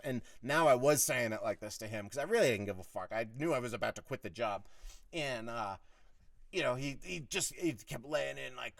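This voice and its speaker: Middle-aged man, profane storyteller, gravelly voice, dry sound a bit off-mic. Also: medium pitch, fairly quick, no echo, far from the mic. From United States. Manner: profane, animated, acts out heated quotes. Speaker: podcast host. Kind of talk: casual storytelling monologue.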